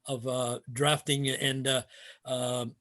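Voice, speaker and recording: A retired martial arts instructor, an older man from Canada, talks slowly in a medium-pitched, level, fairly bright voice. He rambles through stories in a casual interview, using many fillers and starting over often.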